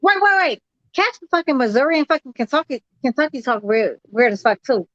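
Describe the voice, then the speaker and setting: Casting: high-pitched woman, loose cursing banter, dry slightly dull mic. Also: very animated, fairly quick, fairly bright tone, no echo. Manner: loose, profane and laughing. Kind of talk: casual group chat.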